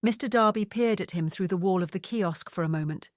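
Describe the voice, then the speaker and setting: An audiobook narrator, a woman with a mid-range voice, reads a first-person mystery steadily and in a measured storytelling style. The audio is dry and of studio quality.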